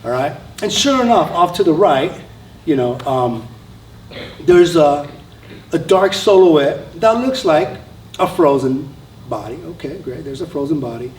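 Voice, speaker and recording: A man's voice: fairly high pitch, very animated, a little slow, darkish tone, a little hiss or hum. A man, an Army veteran, telling a story live on stage in a conversational way, with frequent fillers and restarts. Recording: roomy sound from a distant mic.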